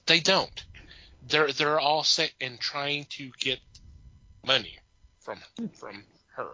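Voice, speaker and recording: Man, podcast co-host, very bright voice, dry close sound, slightly dull audio, rambling casual chat. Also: medium pitch, slow pace, no room sound. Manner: rambling, amused, many restarts.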